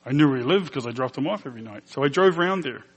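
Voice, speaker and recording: Male preacher, mid-pitched, earnest and emotional storyteller voicing the people in his story, in a reverberant church hall. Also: lively intonation, quick pace, slightly rough. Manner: earnest storytelling, acting out quoted dialogue. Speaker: pastor. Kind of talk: personal testimony in a sermon.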